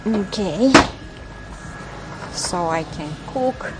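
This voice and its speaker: Lady cooking dinner live on stream, talks real slow, laughs at chat a lot, mid pitch. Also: animated, heavy background noise. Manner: chatty, laughs often while reading chat. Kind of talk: casual cooking livestream chat. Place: home kitchen.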